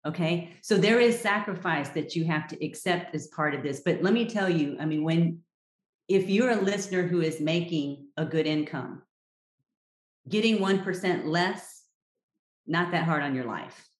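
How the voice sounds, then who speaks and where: A woman's voice: lowish voice, normal speed. A woman health coach as a podcast guest, giving direct, emphatic advice. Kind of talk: podcast interview. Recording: roomy echo.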